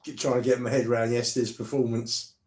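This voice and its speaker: A man on a podcast, speaking hesitantly with halting phrases. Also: mid-range voice, level tone, a little mellow, slight background noise. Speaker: podcast co-host. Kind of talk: casual podcast chat. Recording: roomy echoey recording.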